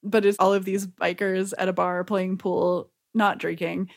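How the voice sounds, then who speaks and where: Young woman, middle pitch, dry jokey retelling, laughs a lot. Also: flat delivery, unhurried, creaky. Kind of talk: casual chat.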